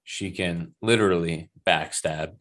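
Man, lower voice, laid-back joking movie chat. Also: measured pace, a bit bright. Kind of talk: casual movie review chat.

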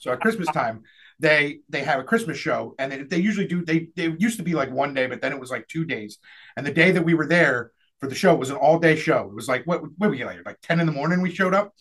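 Young male podcast host, high-pitched, lively and profane. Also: fast. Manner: animated, laughing, swearing storyteller. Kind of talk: casual storytelling chat.

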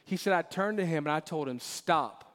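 A pastor in his forties giving a sermon, telling stories with laughter and moving between loud emphasis and quiet, earnest lines. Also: on the high side, fast. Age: 40s. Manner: animated storytelling with laughter, swings between loud and hushed. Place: church sanctuary. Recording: long reverb of a church hall.

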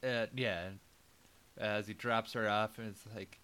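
A man with a bright, sharp voice talks through a movie plot for a podcast. He rambles, leans on fillers, and slips into the characters' lines as he goes. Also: fairly low pitch, fairly even intonation, unhurried, clear, resonant tone. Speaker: podcast co-host. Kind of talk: casual movie recap chat.

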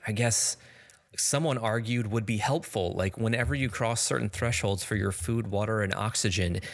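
A man's voice: on the low side, moderate pace, gravelly. A man co-hosting a podcast, casually and wryly complaining about a video game and laughing often. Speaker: podcast co-host.

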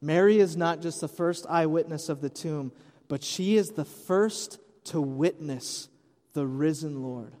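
A man's voice: fairly high pitch, a little slow, dark tone. A man preaching an Easter sermon as pastor, retelling the story conversationally with light humor. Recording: long hall reverb.

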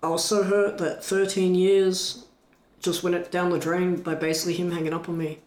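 A man retelling a story in a casual chat, animated and full of restarts. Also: high voice, normal speed. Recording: echoey room.

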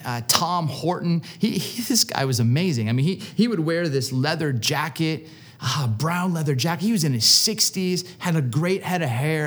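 A man's voice: fairly high pitch, a bit bright. A man preaching a sermon, telling stories earnestly and repeating words for emphasis. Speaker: pastor.

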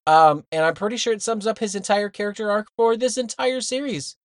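A man's voice: sits high, steady tone, a little fast, dry recording. Podcast guy ranting hard, swears constantly, emphatic, dry close mic sound. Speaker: podcast co-host. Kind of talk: casual chat reviewing a cartoon episode.

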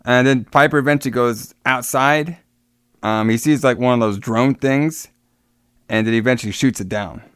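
A man's voice: medium pitch, moderate pace, a bit bright, clean tone, dry recording, studio quality. A man casually retelling a film's plot scene by scene, with many fillers and asides. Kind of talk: casual movie recap chat.

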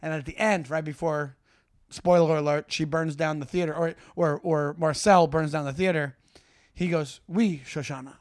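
Man, podcast co-host, higher voice, excited, laughs a lot, dry mic. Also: no room sound. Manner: enthusiastic, laughs often, breaks into quick impressions. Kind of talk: casual chat.

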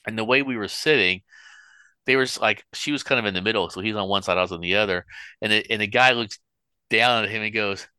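Low bright-voiced rambling man. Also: quick pace, smooth, no room sound. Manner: rambling storyteller, full of restarts. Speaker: podcast co-host. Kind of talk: casual chat.

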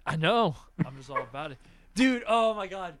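A young adult man hosting a casual podcast chat, telling animated stories and swearing freely. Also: high voice, normal speed. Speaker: podcast host.

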